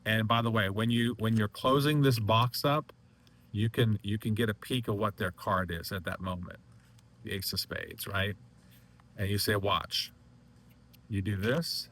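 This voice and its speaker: A man with a fairly low voice talks through a card trick step by step. His speech is loose and halting, full of fillers and restarts as he handles the deck. It sounds like an informal teaching demonstration. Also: fairly bright tone. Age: adult. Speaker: magic instructor. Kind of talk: casual demonstration lecture.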